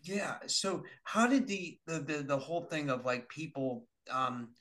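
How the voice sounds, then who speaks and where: Male host, Pittsburgh accent, bright tense voice, a bit high, halting questions. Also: lively intonation. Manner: hesitant questions with repeated words. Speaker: podcast host. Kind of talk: casual interview.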